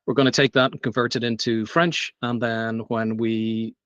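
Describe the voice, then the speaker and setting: A man's voice: mid-range voice, level tone, moderate pace, fairly bright tone, smooth, dry recording. Man, presenter at a meetup, casual demo talk full of ums, dry dull lo-fi sound. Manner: casual, thinking aloud with fillers and restarts. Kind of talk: live tech demo talk.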